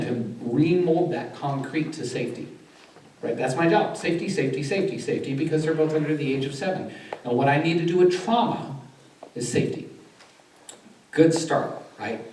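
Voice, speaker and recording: A man speaking as a chaplain at a conference, telling a story with lively acted-out dialogue. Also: mid-range voice, brisk. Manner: animated storyteller acting out a child counseling session. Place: conference hall. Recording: echoey hall, far from mic, faint noise.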